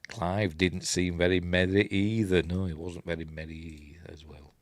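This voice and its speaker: A man's voice: low voice, fairly even intonation, moderate pace, few pauses, fairly bright tone, no room sound, studio quality. A man with a Yorkshire accent hosting a casual film review at home, rambling chattily with tag questions and asides. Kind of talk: casual film commentary over the movie.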